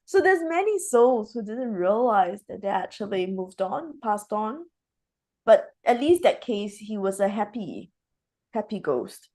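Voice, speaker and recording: A woman's voice: medium pitch, big pitch swings, unhurried, mellow. Woman host retelling stories in casual talk. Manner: acts out dialogue while retelling stories. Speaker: spiritual show host. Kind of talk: casual conversation, storytelling.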